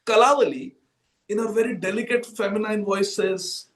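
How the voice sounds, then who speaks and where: A man giving an animated devotional storytelling discourse as a preacher, acting out the voices and laughing often. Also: sits high, normal speed. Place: large indoor temple hall. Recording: echoey temple hall from far off.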